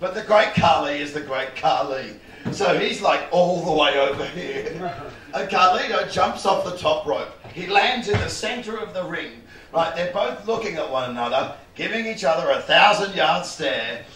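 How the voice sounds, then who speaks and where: A man's voice: a little high, lively intonation, normal speed, a bit bright, reverberant, distant mic. A man telling a stand-up story, swearing, mocking himself and laughing along. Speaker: stand-up comedian.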